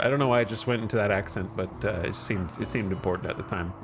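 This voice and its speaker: A man's voice: on the low side, fast, hardly any pauses, music in the background. A man giving casual, wry, self-deprecating commentary while streaming a game.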